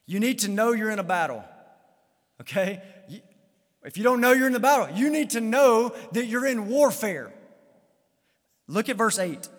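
Male pastor, very high voice, emphatic sermon delivery with repeated phrases, reverberant church hall. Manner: emphatic, repeats key phrases, some stammering restarts.

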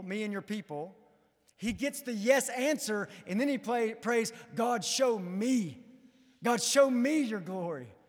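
A male pastor preaching a sermon to his congregation in a church, earnest and swinging between fervent emphasis and quiet, low appeals. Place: church sanctuary. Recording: long church-hall reverb.

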